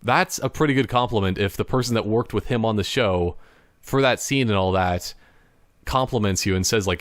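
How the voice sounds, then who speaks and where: In a voice on the low side at a moderate pace, this young Canadian man talks at his computer indoors for his solo podcast. The chat is casual and rambling, full of laughter and the odd playful impression, recorded dry in studio quality.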